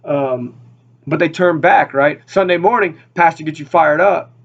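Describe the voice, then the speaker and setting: A man's voice: on the high side, measured pace, creaky, highs cut off. A man giving a casual, rambling Bible study talk, full of fillers and repeated words. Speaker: Bible teacher.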